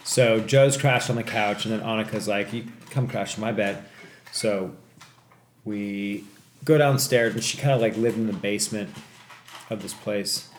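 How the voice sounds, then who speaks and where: A man's voice: lowish voice, measured pace. A man tells a story from his own life in a loose, rambling way, swearing freely and bursting out when things get tense. He is recorded in an echoey room, with a faint hiss of noise behind him. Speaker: podcast host telling a story. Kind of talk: casual storytelling.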